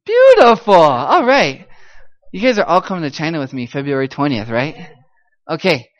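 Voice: medium pitch, lively intonation, normal speed, fairly bright tone, lo-fi sound. A missionary giving an upbeat church talk to a live audience, teasing them kindly and singing out syllables to demonstrate the tones.

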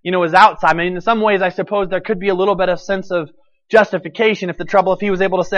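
A male pastor preaching with animated storytelling and a fairly high voice. He acts out the lines of the people in his story. The sound is dull and slightly lo-fi. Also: racing. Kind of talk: sermon.

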